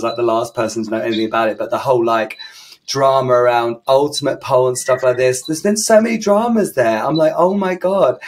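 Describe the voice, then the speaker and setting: A chatty man hosts a relaxed podcast conversation, joking and telling animated stories in a mid-pitched voice. His talk is loose and friendly, full of asides and quick laughs. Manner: chatty, jokey, animated storytelling. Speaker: podcast host. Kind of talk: casual interview chat.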